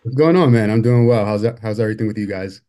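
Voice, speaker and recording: A man's voice: on the low side, fast talker, warm tone. A man guesting on a podcast, chatting in an easygoing, rambling way. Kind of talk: casual podcast chat.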